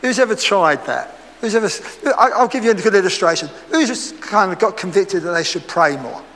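A man's voice: sits high, a little fast. A man with an Essex accent preaching a sermon, telling stories with laughs and acting out the lines he quotes. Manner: lively storytelling, laughs and acts out quotes. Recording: echoey hall with faint background noise.

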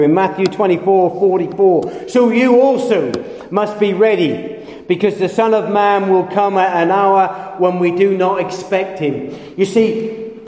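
A man's voice: high-pitched, a little mellow. A man preaching a sermon, telling stories with playful asides and acted-out quotes. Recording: echoey hall with long reverb.

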